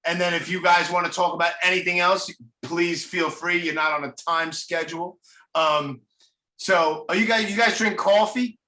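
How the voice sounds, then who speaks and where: A man's voice: high voice, steady tone, bright, forceful tone, roomy sound. A man in his forties with a Brooklyn accent, hosting a podcast in casual, profane chat. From Brooklyn, New York. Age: 40s. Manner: profane, fast-talking, laughs easily. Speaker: podcast host.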